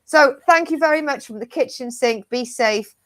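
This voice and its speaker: A woman's voice: sits high, normal speed, a bit bright, no room sound. Woman co-host, bawdy and jokey, dry close sound. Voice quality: bawdy, laughing, sweary banter. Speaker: co-host of a comedy chat show. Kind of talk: casual live-stream chat.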